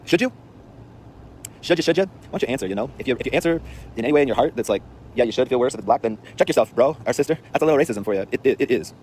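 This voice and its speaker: A man's voice: medium pitch, animated, rapid-fire, darkish tone, slight background noise. Sped-up rambling man on the street. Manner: rambling and offhand, with slang and restarts. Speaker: vlogger. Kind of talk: casual rambling storytelling. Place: outdoors on a city street.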